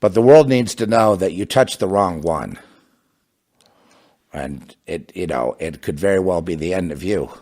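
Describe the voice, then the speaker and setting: A man's voice: low voice, animated, unhurried, darkish tone. A man delivering an impassioned religious monologue, fervent and sarcastic, with bursts of scornful laughter. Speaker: religious commentator.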